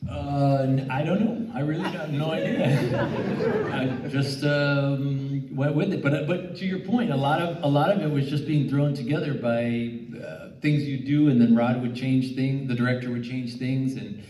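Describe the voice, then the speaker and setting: A man's voice: medium pitch, fairly even intonation, normal speed. Modest man laughing off a question. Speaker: voice actor on a panel. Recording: echoey hall, distant mic, crowd.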